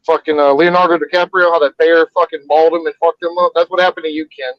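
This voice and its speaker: A man's voice: fairly high pitch, flat delivery, fast, no echo, highs cut off. A man co-hosting a casual chat over an online call, telling stories with plenty of swearing. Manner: crude, swearing storyteller.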